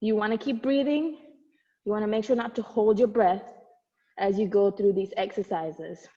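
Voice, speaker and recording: A barre instructor guides an at-home workout class in a medium-pitched voice at a moderate pace, giving encouraging cues with counts and light laughs. She sounds out of breath at times as she exercises. She's recorded on wireless earbuds, and the sound is dull and lo-fi with long reverb.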